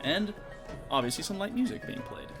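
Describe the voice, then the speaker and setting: A man's voice: sits high, sing-song, fairly quick, music in the background. A man narrating as game master in a casual, rambling way, full of fillers.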